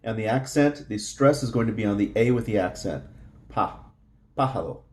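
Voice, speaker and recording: A man's voice: fairly low pitch, a little fast, darkish tone. A man teaching a Spanish lesson, explaining patiently with frequent fillers and repeating each word. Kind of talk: slow explanatory language lesson.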